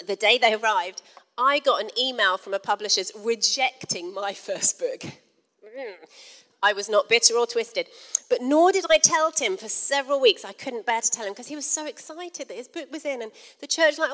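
A woman's voice: fairly high pitch, a bit bright, big-room sound. A middle-aged woman, giving a humorous, self-deprecating storytelling talk to a conference crowd and laughing often. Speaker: conference speaker.

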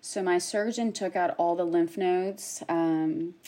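A woman in casual chat, telling a personal story with lively acted-out quotes. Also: fairly low pitch, slow pace. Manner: animated storyteller, acts out quotes. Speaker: guest sharing her story.

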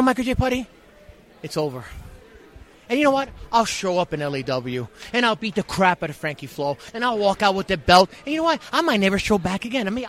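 A man cutting a wrestling promo in an interview, fired up and emotional, shouting and repeating himself. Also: high voice. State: hurting, emotional. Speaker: pro wrestler.

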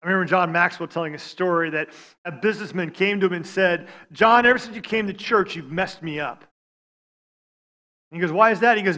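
A man preaching a sermon, stammering on restarts and swinging from loud appeals to hushed lines. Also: high-pitched, fairly quick. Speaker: pastor.

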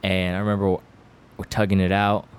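A man's voice: low voice, monotone, a little fast, clear, resonant tone. A man casually telling crude, slangy stories among friends on a podcast, laughing between lines. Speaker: podcast storyteller.

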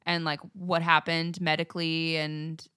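A woman with a lower but bright voice talks in casual podcast chat. She is laid-back and slangy and swears without fuss. The sound is dry and close. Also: little pitch movement, measured pace, clean tone, no room sound. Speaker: podcast co-host.

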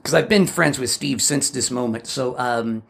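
Gravelly-voiced man telling stories. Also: mid-range voice, moderate pace. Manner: animated storyteller who acts out voices and laughs along. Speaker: podcast co-host. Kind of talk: casual chat, telling personal stories.

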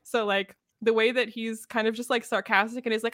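A young woman with a bright, clear voice chats about a book series, laughing often and leaning on fillers. She sits close to the mic in a dry, dead room with no echo. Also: fairly high pitch, level tone, brisk. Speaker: podcast co-host. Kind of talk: casual book discussion chat.

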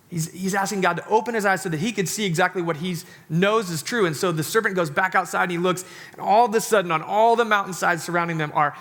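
A man in his thirties preaches to his congregation in a church, loose and joking and full of "like" fillers. His voice sits a little high and rings bright and forceful. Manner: chatty, joking sermon delivery with many "like" fillers. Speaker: pastor. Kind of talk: sermon. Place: church sanctuary.

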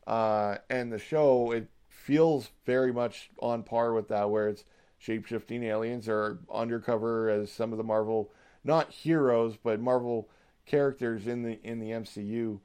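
A young man hosting a casual solo podcast, rambling excitedly like a hyped fan and swearing freely. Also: mid-range voice, a little slow, clear, resonant tone. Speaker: podcast host.

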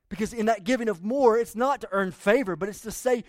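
Earnest high-voiced male pastor preaching. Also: lively intonation, normal speed, few pauses, no room sound, studio quality. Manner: earnest, emphatic preaching with soft drops. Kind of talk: sermon.

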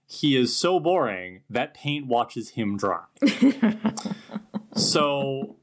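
Wry man with a lively, bouncing pitch. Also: extremely slow. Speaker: podcast co-host. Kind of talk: casual recap chat.

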